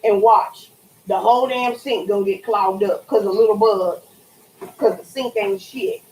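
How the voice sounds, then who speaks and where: A woman's voice: mid-range voice, measured pace, reverberant, rough recording. A woman talking casually and swearing freely while cleaning greens at her kitchen sink for a cooking vlog. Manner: animated, profane, swears freely. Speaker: cooking vlogger.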